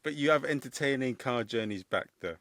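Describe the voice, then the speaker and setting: A man's voice: mid-range voice, lively intonation, fairly quick, a bit bright, dry recording, studio quality. A man hosting a casual interview podcast, rambling through stories and questions with easy laughs. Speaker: podcast host and comedian.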